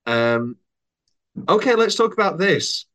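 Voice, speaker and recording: Brief: lively male co-host, slow delivery, jokey and animated. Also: high-pitched. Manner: animated, joking, laughing often. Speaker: podcast co-host. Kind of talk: casual chat.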